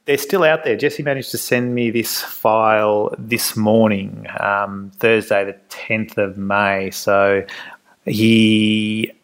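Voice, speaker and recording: A man hosting a podcast, wrapping up an episode in an upbeat, relaxed way. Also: on the low side, slow pace, clear, resonant tone. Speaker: podcast host. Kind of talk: podcast outro.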